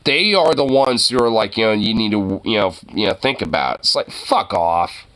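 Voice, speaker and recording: A man hosting a casual chat, reacting to a news clip with excited, profane rants. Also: lowish voice, normal speed.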